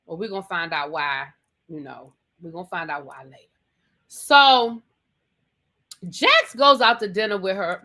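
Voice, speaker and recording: Woman, TV review host, casual episode recap, bright forceful voice, gossipy and dramatic. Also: a little high. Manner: chatty and dramatic, often says "baby".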